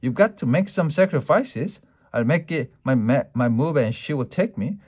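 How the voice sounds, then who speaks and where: A man's voice: a little high, expressive, normal speed, a little mellow, slightly rough. A man voicing a brave, bossy schoolboy wizard in a storybook reading, sounding urgent and commanding. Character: boy wizard chess player, bossy and brave.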